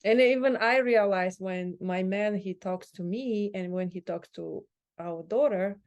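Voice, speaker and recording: A woman guest, telling animated stories in a casual chat and laughing often. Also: medium pitch. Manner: animated storyteller, laughs, quick asides.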